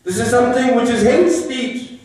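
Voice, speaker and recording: A man's voice: very high-pitched, normal speed, darkish tone. A man giving an emphatic religious talk to a live gathering, repeating his phrases and pressing rhetorical questions. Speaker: religious speaker. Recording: very echoey room, voice from far off. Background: listeners murmuring responses.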